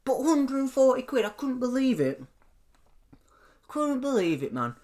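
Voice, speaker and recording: A man's voice: very high voice, very animated, unhurried, a little mellow. A young British man co-hosting a podcast, chatting casually, swearing a lot and laughing often. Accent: British English. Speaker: podcast co-host. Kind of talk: casual chat.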